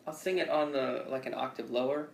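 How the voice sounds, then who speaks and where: A man's voice: mid-range voice, steady tone, brisk, creaky, slight background noise. A man teaching singing in a casual one-on-one lesson, with loose, profane, rambling explanations. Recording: echoey room.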